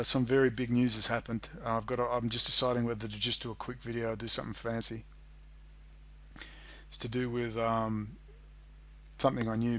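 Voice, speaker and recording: An Australian man giving an angry, swearing monologue. He drops into low muttering and then bursts into loud shouting. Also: no room sound. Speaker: independent video maker.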